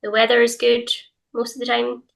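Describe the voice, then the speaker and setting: A woman's voice: fairly high pitch, completely flat delivery, normal speed, creaky, low-quality recording. A young Scottish woman with a light Glaswegian accent, an English teacher chatting casually as an interview guest with lots of hedges and fillers. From Scotland, Glasgow.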